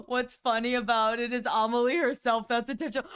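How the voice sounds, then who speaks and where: A woman's voice: a little high, normal speed, fairly bright tone, smooth. A woman streamer chatting casually with her viewers, giggling often and acting out quoted voices.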